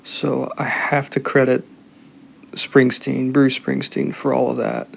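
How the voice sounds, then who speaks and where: A man sending a recorded answer to a podcast, speaking in a thoughtful, soft-spoken way. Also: medium pitch, completely flat delivery, slow pace, creaky, slightly rough. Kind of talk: casual recorded message.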